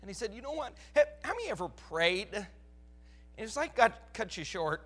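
This forties-aged pastor speaks at a normal pace, his voice high, bright, crackly and strained. His sermon is lively, and he raises his volume to drive each point home.

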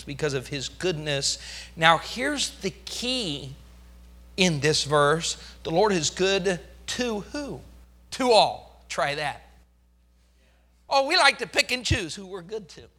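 A man preaching a fervent, emphatic sermon as pastor, swinging between loud declarations and hushed asides. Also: a little high.

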